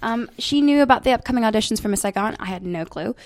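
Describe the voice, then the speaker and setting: A young adult woman with a slight British inflection, telling stories in a bubbly, animated way as an interview guest. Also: a little high, fast, no room sound. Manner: bubbly, animated storytelling with laughs. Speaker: guest, stage actress. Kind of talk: casual interview chat.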